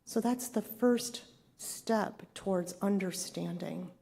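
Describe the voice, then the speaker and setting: Slow gravelly woman preaching gently. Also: medium pitch. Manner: conversational, reflective, asks the congregation questions. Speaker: spiritual leader. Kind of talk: sermon.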